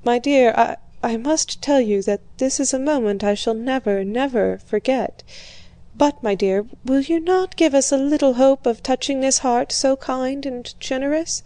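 A woman's voice: sits high, normal speed, mellow, dry recording, pitched above the performer's own voice, close to an everyday voice. A woman voicing a sentimental, scheming older male prince who pleads and sighs. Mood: pleading. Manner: pleading, sighing, ingratiating.

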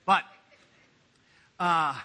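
A man's voice: very slow, bright, forceful tone. A man pastor giving a sermon in a conversational, joking way.

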